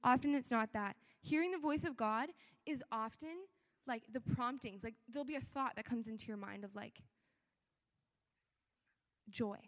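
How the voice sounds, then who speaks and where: A young woman with a high voice preaches to her church in a casual, earnest way, full of "like" and restarts. Her words ring out with a long echo, as if from a big church hall. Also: normal speed, pauses often. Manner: conversational, earnest, with many fillers. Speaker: church speaker. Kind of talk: sermon.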